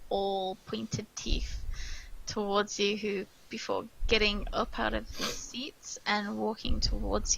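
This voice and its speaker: A woman narrating a tabletop game as game master, describing scenes slowly and hunting for words. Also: medium pitch, creaky, sharp tone, rough recording. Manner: slow, hesitant description with searches for words.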